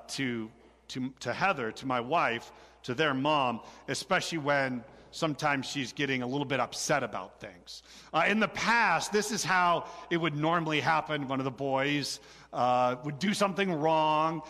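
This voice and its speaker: A male pastor speaks on a stage mic in a large church sanctuary, and his words trail off in a long hall reverb. His voice is forceful and sits a little high for a man. He keeps it casual and joking, stumbling into restarts as he calls on people in the pews. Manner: joking, chatty, frequent fillers and restarts. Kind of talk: conversational sermon with congregation back-and-forth.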